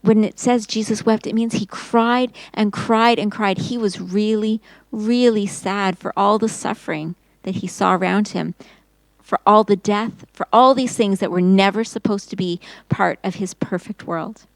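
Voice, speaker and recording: A woman tells a Bible story to children as a Sunday school teacher, in a clearly expressive storyteller's voice. Her pitch sits in a plain middle range. The sound is close and dry, with no room echo. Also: measured pace. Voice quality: expressive storyteller, acting out quotes in raised voice.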